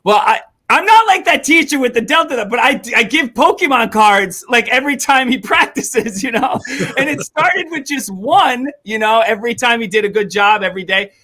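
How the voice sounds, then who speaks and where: A man's voice: very high voice, expressive, moderate pace, pushed and bright. A man who is a children's entertainer, chatting casually with lots of fillers and laughs. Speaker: guest children's entertainer and robot builder. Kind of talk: casual chat on a video call.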